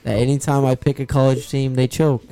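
A man's voice: mid-range voice, little pitch movement, a little fast, a crowd in the background. A young man hosting a casual sports podcast, bantering with heavy sarcasm. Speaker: podcast host.

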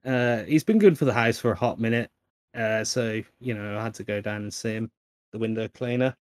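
A man's voice: fairly low pitch, a little fast, no room sound. Rambling, swearing man podcast host. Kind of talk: casual podcast chat, storytelling.

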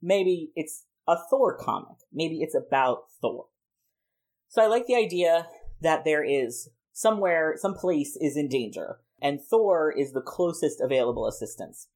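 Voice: mid-range voice, animated, a little slow, a little mellow. A podcast host in a casual chat, playfully rambling through a made-up comic plot with lots of "like" fillers. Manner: playful, rambling, frequent laughs and many "like" fillers.

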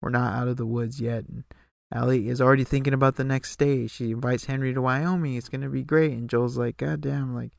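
Podcast co-host, male, gravelly voice, relaxed recap delivery, dry close sound. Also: medium pitch, a little fast, hardly any pauses, dry recording. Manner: relaxed, recaps scenes and acts out lines. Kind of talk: casual recap chat.

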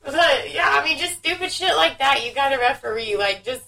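A woman co-hosting a casual parenting chat, telling lively stories with frequent laughter. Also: sits high, normal speed, gravelly, distant mic, poor audio. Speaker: podcast co-host.

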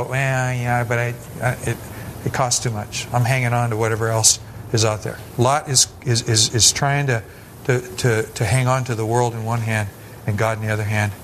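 A man's voice: medium pitch, fairly bright tone, slight background noise. A man pastor giving a sermon in a conversational style, acting out quoted voices as he goes and often restarting his sentences.

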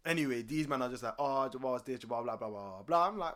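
A young man with a London accent, casually telling a story on a podcast, animated and laughing often. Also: quick pace. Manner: animated, swings loud and high when excited, laughs often. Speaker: podcast co-host.

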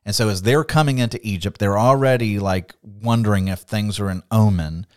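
Animated man teaching scripture. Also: fairly low pitch, a little fast, clean tone, no room sound, clean studio sound. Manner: animated, acts out quotes, laughs often. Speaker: co-host of a Bible study podcast. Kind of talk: conversational Bible teaching.

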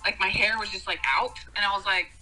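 Bright, animated woman telling a story. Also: fairly quick, soft background music, low-quality recording. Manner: animated, acts out quoted voices with big pitch jumps, laughs often. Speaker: podcast co-host telling her birth story. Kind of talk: casual comedic storytelling.

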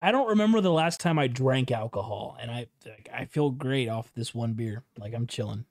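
A man's voice: mid-range voice, lively intonation, moderate pace, no echo, studio quality. A man hosting a casual podcast with friends, laid-back and blunt, swearing freely. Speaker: podcast host. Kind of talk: casual chat among friends.

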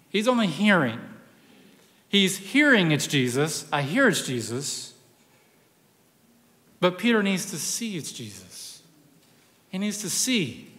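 A pastor preaching a sermon, telling the story in a conversational, animated way with personal asides. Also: male voice, high voice, big-room sound.

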